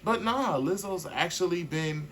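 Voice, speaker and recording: A man co-hosting a podcast in casual, candid chat, animated and quick to laugh. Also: sits high, a little hiss or hum, poor audio. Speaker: podcast co-host.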